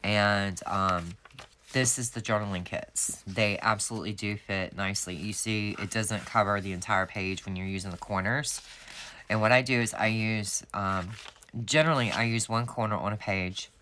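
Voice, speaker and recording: A woman's voice: rumbling low, steady tone, normal speed, fairly bright tone, slight background noise. A woman, chatting casually to her viewers as she sets up a planner, rambling and friendly. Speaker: planner sticker shop owner. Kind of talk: casual planner setup vlog.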